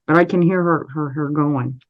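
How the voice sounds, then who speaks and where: A Canadian woman, an interview guest, recounting a personal story in a measured, steady way with frequent restarts. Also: low voice, phone-quality sound.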